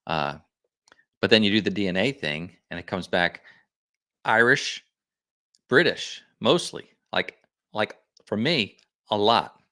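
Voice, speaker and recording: Low-voiced chatty man hosting a livestream. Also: animated, takes it slowly, pauses often, pushed and bright. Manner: rambling, self-correcting, chatty. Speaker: livestream host. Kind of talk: casual livestream chat.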